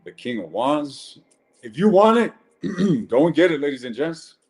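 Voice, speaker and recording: A man's voice: a little high, sing-song, a little slow, breathy edge, soft background music. A man giving a casual live-stream tarot reading, blunt and chatty, swearing and calling viewers ladies and gents.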